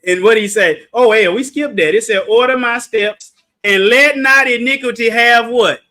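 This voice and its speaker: A man with a very high, sharp and bright voice teaches a livestreamed Bible study. He talks in a playful, animated way and quizzes his listeners. Now and then he bursts into shouted emphasis. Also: normal speed.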